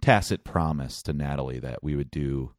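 Deep-voiced male podcast co-host, rambling storyteller, dry close mic. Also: moderate pace, dry recording. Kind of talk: casual chat.

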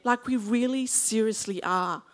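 A woman's voice: a little high, unhurried. A woman in her fifties with an Australian accent, preaching a sermon in a chatty, humorous way and drawing in the congregation. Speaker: pastor.

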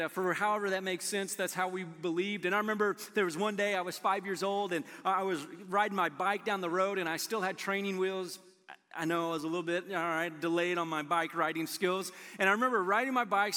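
A man preaching a sermon as pastor, earnest, moving between quick storytelling and soft, hushed emphasis. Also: sits high, long reverb tail. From Illinois, USA.

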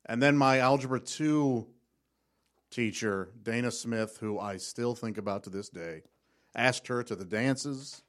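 A man in casual chat, candid and quick to laugh. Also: mid-range voice, a bit bright. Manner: laughs easily, chatty and candid.

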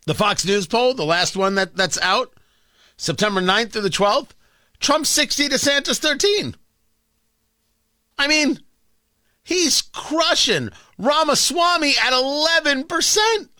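Bright, lively-voiced talk radio man. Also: very high voice, slow, no room sound, clean studio sound. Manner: sarcastic, emphatic, animated delivery. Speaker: radio talk show host. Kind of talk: opinionated talk radio monologue. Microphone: studio microphone.

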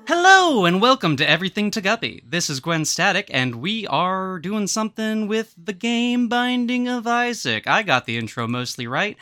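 A woman's voice: medium pitch, very animated, moderate pace, few pauses, a bit bright, no echo, studio quality. A woman guest-hosting a podcast in casual chat, playful and teasing. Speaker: guest host.

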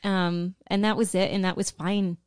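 A woman's voice: medium pitch, level tone, normal speed, darkish tone, smooth, dry recording, studio quality. Easygoing, laughing woman podcast co-host. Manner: easygoing, laughs often, hesitant fillers. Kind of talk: casual chat.

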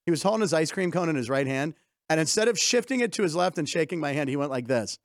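A man's voice: a little high, animated, fast, no echo, clean studio sound. A man hosting a comedy sports show, telling stories and joking with guests, laughing often. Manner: jokey storyteller, laughs often. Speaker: host. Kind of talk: casual comedy sports chat.

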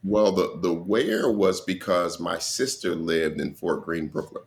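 A man with a very deep, gravelly voice, a comedian spinning lively stories in an interview. He acts out each person in the tale and laughs often. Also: measured pace, slight background noise. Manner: animated storyteller who acts out dialogue and laughs. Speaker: comedian guest. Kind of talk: storytelling in an interview.

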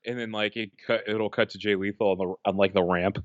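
A man's voice: fairly low pitch, fairly even intonation, fast talker, dry recording, highs cut off. A man co-hosting a podcast in casual chat, rambling with many fillers and restarts. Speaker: podcast co-host.

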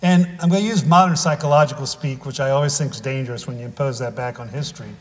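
A man's voice: medium pitch, fast talker, long reverb tail. A man preaching a sermon, reading scripture and then telling family stories in a conversational way with wry humor. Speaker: pastor.

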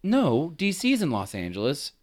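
A man's voice: fairly high pitch, huge pitch swings, normal speed. A man in a casual podcast chat, telling anecdotes in an easygoing way.

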